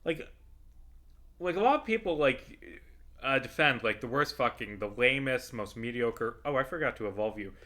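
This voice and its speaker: Bright-voiced man ranting while gaming. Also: medium pitch, animated, moderate pace. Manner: rambling, profane, swings into heated ranting. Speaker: vlogger playing a video game. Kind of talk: casual gameplay commentary.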